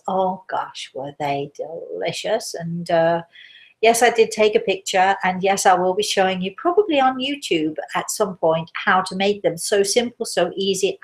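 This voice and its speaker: A woman hosting a live question show, chatting casually and rambling through stories, a little out of breath. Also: lowish voice. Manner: chatty, rambling, warm storytelling asides. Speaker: host, medium. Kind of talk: casual live-stream chat.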